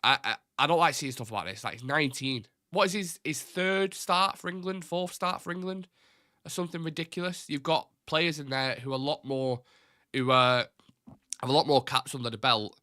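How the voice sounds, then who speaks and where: A young man with a bright, forceful voice rants bluntly through a casual live-stream chat, indignant and quick to swear. His nose is a little stuffed up, giving a faint nasal edge. The sound is dry and close. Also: on the high side, dry recording. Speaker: host of a fan livestream.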